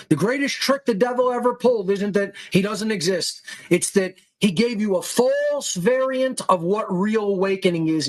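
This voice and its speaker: A man's voice: high-pitched, poor audio. A male podcast host giving an angry, aggressive monologue full of profanity and insults.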